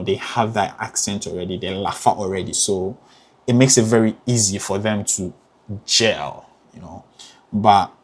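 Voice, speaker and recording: Young Ghanaian man, low-pitched, emphatic and chatty, theatre student giving advice. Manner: chatty, frequent "you know" fillers, emphatic. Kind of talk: casual advice vlog.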